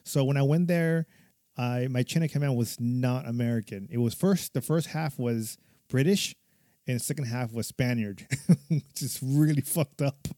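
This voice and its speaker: A man's voice: medium pitch, normal speed, warm tone, no echo, studio quality. Profane, laughing man telling war stories. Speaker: podcast guest or co-host, military veteran. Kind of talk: casual conversation, personal stories.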